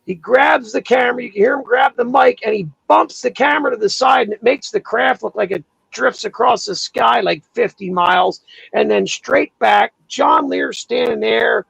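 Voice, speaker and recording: Gravelly, profane man telling stories. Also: extremely high pitch, moderate pace, dry recording, low-quality recording. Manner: profane, animated storytelling with acted quotes. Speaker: podcast host. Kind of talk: casual chat.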